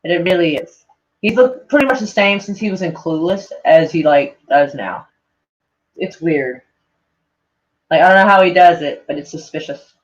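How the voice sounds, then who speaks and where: Her pitch fairly low and her speed normal, a woman vlogger works through tweets aloud, reacting casually and rambling, full of "like" and frequent swearing. It's captured in dull lo-fi audio.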